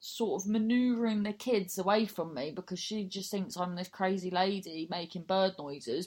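A young woman, chatting casually and spinning a rambling story. She swears freely, wanders off on tangents and laughs along as she talks, in a mid-pitched, everyday voice. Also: darkish tone. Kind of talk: casual anecdotal chat.

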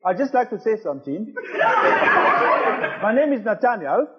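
An actor playing a pompous young Nigerian accountancy student lecturing a studio audience in a comedy sketch. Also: male voice, high-pitched, big pitch swings, moderate pace. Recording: dull old TV recording, loud noise, hall echo.

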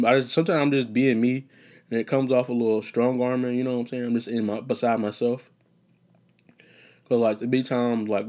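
A young man hosts a solo podcast, rambling, joking, and drifting off topic in a casual, profane way. His voice is mid-range with a darkish tone.

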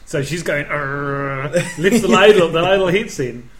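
A man's voice: sits high, lively intonation, brisk, slight background noise. A man hosting a podcast in casual chat, retelling scenes with enthusiasm. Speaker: podcast host.

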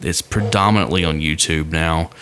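A man's voice: deep voice, moderate pace, fairly bright tone, slight background noise. A man chatting casually as a podcast guest, rambling with lots of fillers and restarts.

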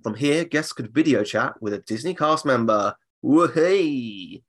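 A man's voice: mid-range voice, expressive, a little slow. A man co-hosting a theme park podcast, chatting casually and cracking jokes. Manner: jokey, puts on silly voices for laughs. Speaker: podcast co-host.

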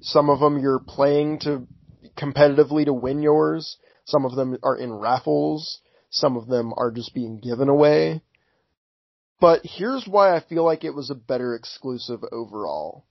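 A man's voice: mid-range voice, normal speed, creaky, dry recording. A man co-hosting a podcast, laying out his reasoning earnestly in casual chat. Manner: earnest, reasoning argument with restarts. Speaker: podcast co-host. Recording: dull lo-fi dry recording.

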